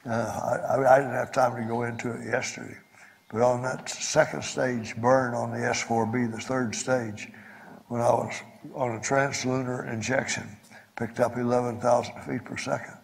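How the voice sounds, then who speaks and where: An older former astronaut on a panel, telling a folksy story in a conference hall. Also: male voice, medium pitch, little pitch movement, moderate pace, vocal fry. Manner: anecdotal, folksy, repeats himself. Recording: echoey hall.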